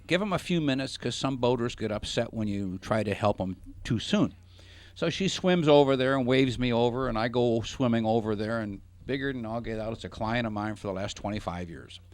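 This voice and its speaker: A man's voice: medium pitch, a little fast, no room sound. A middle-aged man hosting a radio talk show, telling a long joking anecdote in casual chat. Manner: jokey anecdotal storyteller. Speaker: radio show host, financial advisor.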